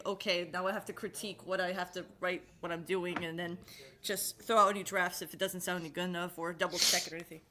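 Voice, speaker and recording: A woman's voice: on the low side, pushed and bright, slight background noise. A woman in her twenties, chatting casually as host on a call with friends, giggly and a little self-conscious, slightly nasal. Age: 20s. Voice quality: nasal at times. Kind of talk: casual chat.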